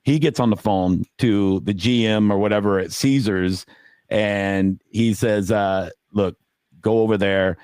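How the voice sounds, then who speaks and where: Man with a lowish voice, close dry mic, rambling casual storyteller who acts out the quotes. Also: fairly even intonation, a little slow, darkish tone, clean tone, no room sound. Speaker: poker podcast panelist.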